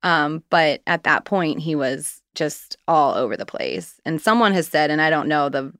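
A woman's voice: low voice, expressive, moderate pace, a bit bright, dry recording, clean studio sound. A woman in her thirties, a guest candidly recounting a personal story in casual, rambling conversation.

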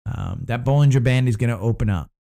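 Casting: American male market-show host, mellow tone, loose off-the-cuff delivery full of "uh"s and restarts. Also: medium pitch, fast, vocal fry. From United States. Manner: rambling, frequent fillers and restarts. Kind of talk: casual market commentary.

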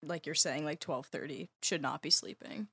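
A woman's voice: deep voice, moderate pace, creaky, a bit bright, breathy edge, no echo. A woman co-hosting a podcast, giving wry, amused replies in casual chat. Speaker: podcast co-host.

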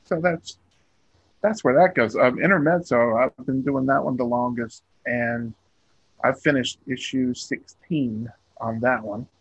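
A man's voice: mid-range voice, measured pace, slightly rough, dry recording, dull audio. A man, a comic book artist being interviewed, talking casually and rambling with many ums and restarts.

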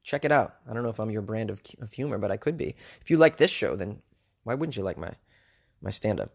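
A stand-up comic hosts his own solo podcast, chatting casually and jokingly. His fairly low voice is expressive and creaky, and he talks quickly, rambling with plenty of fillers.

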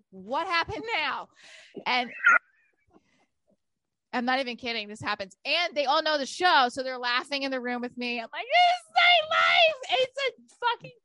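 A woman's voice: sits high, bright, forceful tone, dry recording. A woman in her thirties telling candid personal stories in casual chat, swearing freely.

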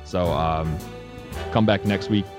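A man's voice: sits low, slow, music in the background. A young man co-hosting a casual sports podcast, blunt and opinionated and swearing freely.

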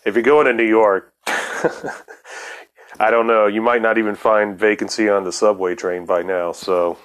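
Laid-back low-voiced podcast host man. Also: steady tone, measured pace. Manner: laid-back, swears casually, laughs often. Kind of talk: casual podcast chat.

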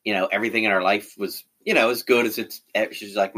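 Bright-voiced man, candid and rambling. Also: fairly low pitch, fairly quick. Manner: candid, frequent fillers and self-corrections. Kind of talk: casual conversation.

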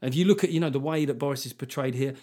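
A man hosting a solo podcast, ranting in an animated, sarcastic way and swearing freely. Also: mid-range voice, rapid-fire. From Manchester, England. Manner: animated ranting, swears freely, mocking put-on voices of critics. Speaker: podcast host and comedian.

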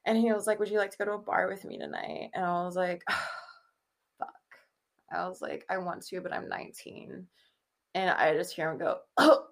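A woman's voice: lowish voice, steady tone, brisk, gravelly. A woman in her thirties from the Kansas City area, a podcast guest telling a casual story, chatty, laughing often and acting out the people she quotes. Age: 30s.

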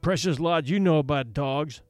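A man's voice: high-pitched, big pitch swings, moderate pace, darkish tone, no room sound, faint music behind. A man voicing an arrogant, short-tempered young man who speaks curtly and with a sneer. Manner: curt and sneering.

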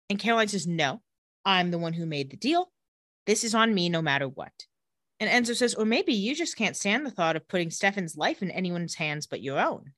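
At a normal speed, a woman co-hosting a podcast recaps a TV episode in a casual, animated way. She acts out the characters' lines in low voices, and the clean studio audio carries no echo.

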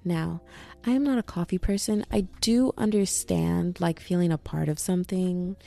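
Young woman vlogger, low mellow voice, rambling casual chat. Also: normal speed, creaky, soft background music. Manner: chatty, self-interrupting, many "like"s.

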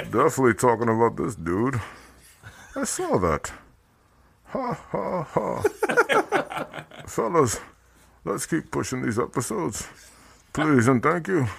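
A man co-hosting a podcast, joking loudly and teasing the others in casual chat. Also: mid-range voice, vocal fry, husky. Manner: loud joking, teasing, reads out group chat messages. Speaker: podcast co-host.

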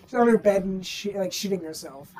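A woman's voice: mid-range voice, animated, a little fast, a crowd in the background. A young woman co-hosting a casual student podcast, telling a story animatedly and swearing a lot. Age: young adult. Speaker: podcast co-host. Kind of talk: casual chat. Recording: distant from the mic.

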